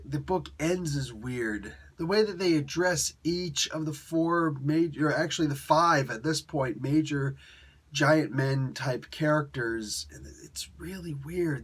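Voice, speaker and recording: A man's voice: a little high, breathy edge. A man giving a casual, rambling spoken review of a comic book, chuckling often and correcting himself as he goes. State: in pain.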